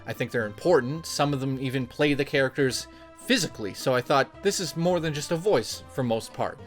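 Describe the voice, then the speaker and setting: A young man, a YouTuber, telling a story to his viewers in an animated, excitable, jokey way. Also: medium pitch, a little fast, faint music behind. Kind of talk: casual storytelling vlog.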